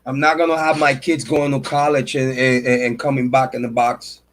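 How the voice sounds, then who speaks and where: A man's voice: medium pitch, little pitch movement, normal speed. A man in his forties, a true crime channel host, giving an angry, profane, emotional livestream rant and repeating himself.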